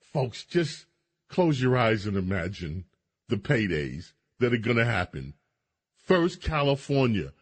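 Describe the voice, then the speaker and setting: A man hosting a radio talk show, his slightly husky voice swinging widely in pitch as he drawls through sarcastic commentary full of mocking asides. He takes his time, drawing the words out for effect. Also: big pitch swings, a little slow.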